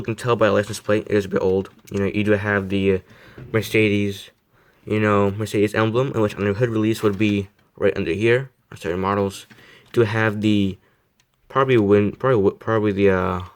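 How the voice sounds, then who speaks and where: Rambling teenage boy reviewing a model car. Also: lowish voice. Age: teens. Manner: rambling, self-deprecating, many fillers and restarts. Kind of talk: casual review vlog.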